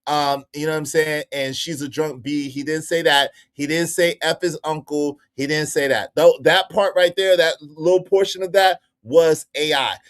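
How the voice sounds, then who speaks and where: A man hosting a casual livestream, talking to his chat in an animated, repetitive way. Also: fairly high pitch, normal speed, hardly any pauses. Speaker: livestream host.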